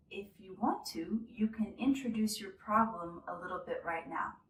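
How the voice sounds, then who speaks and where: A woman teaching an English lesson, speaking clearly and carefully as she models polite phrases. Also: mid-range voice, normal speed, few pauses. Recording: echoey room, slightly distant mic.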